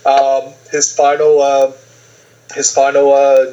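A man's voice: medium pitch, completely flat delivery, takes it slowly, warm tone, lo-fi sound. A man co-hosting a podcast, retelling a TV season in a rambling way with lots of fillers and quoted lines. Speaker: podcast co-host. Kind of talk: casual TV recap chat.

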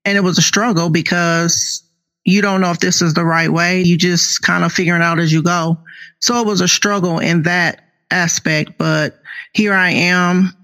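A woman in her fifties, an author guest, telling her personal story in an earnest, slow, faith-filled way. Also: lowish voice, fairly even intonation, a bit bright. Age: 50s. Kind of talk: personal testimony interview.

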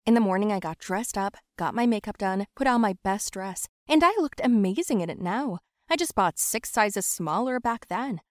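A young woman telling a first-person story in a lively, confessional way. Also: mid-range voice, moderate pace, few pauses, no echo, studio quality. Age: young adult.

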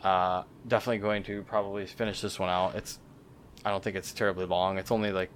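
Speaking fast in a low, flat delivery, this podcast co-host chats casually about a game he found, rambling a bit with fillers and self-corrections. There's slight background noise.

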